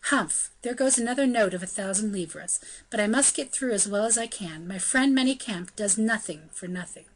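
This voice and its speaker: A scheming young man from an audiobook, polite on the surface and wry underneath, read by a woman. He speaks in an even, mid-pitched voice. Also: normal speed, slight background noise, close to an everyday voice. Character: scheming, obliging young male clerk. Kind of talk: audiobook character reading.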